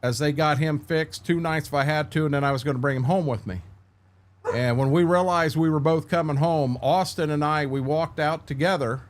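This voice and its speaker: A man's voice: fairly high pitch, moderate pace. Rambling middle-aged man streaming. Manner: rambling, candid storytelling, frequent restarts, answers chat by name. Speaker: livestream host. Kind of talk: casual livestream chat. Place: at home with his dogs.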